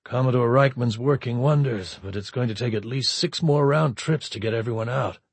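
A man voicing a weary, gentle middle-aged ship captain speaking softly. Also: mid-range voice, moderate pace, breathy edge, dry recording. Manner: gentle, subdued.

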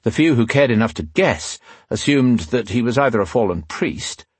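A man narrating a fantasy novel as an audiobook in a steady, even storytelling manner. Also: fairly low pitch, slightly rough, no room sound.

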